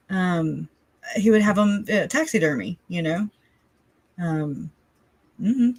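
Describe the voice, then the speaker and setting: A woman's voice: mid-range voice, fairly bright tone, no room sound. Chatty, rambling woman, dry close sound. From Southern United States. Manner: rambling, chatty, laughs often between thoughts. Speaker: livestream host. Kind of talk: casual livestream chat.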